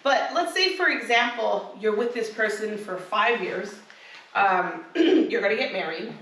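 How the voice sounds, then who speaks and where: A woman co-hosts a podcast, chatting casually and rambling as she acts out what people said. Her medium-pitched voice is a bit bright, with lively intonation and a measured pace, recorded in an echoey room on a distant mic.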